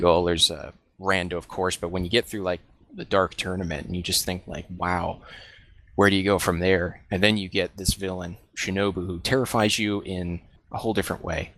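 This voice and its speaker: Deep-voiced man chatting casually. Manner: relaxed, many fillers and laughs. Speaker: podcast panelist. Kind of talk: casual discussion.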